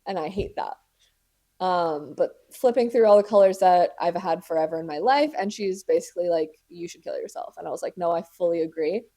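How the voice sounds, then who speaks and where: Brisk and dark in tone, a woman in her twenties with a low voice hosts a podcast, telling a story casually with sarcastic, dramatic asides and acted-out voices.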